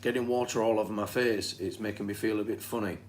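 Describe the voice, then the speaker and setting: A man's voice: fairly low pitch, steady tone, fast talker. A man from Britain in casual chat, reading back notes from a session in a conversational way. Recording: faint background noise.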